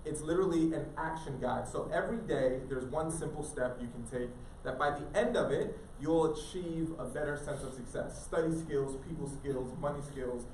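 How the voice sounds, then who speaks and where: A man's voice: a little high, normal speed, few pauses, darkish tone. A man giving a playful, jokey live speech to students as a motivational speaker, questioning the crowd. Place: school auditorium. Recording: echoey hall, mic from far off, faint hiss.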